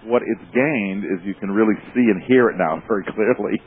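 Deep-voiced Boston man on a phone line. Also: brisk. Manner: rambling, chatty, with many fillers. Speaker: guest, writer and show creator. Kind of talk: casual interview on a phone line. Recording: tinny phone line, faint hiss.

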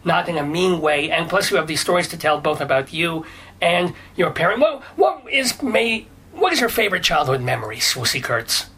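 A comic rabbi talk-show host, played by a man, trading deadpan jokes and stumbling over his words. His voice sits high and bright with a husky edge. He sounds curious and playful as he interviews. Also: normal speed, heavily acted. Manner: deadpan, jokey and flirty, stammering restarts. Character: joking middle-aged male rabbi talk-show host.

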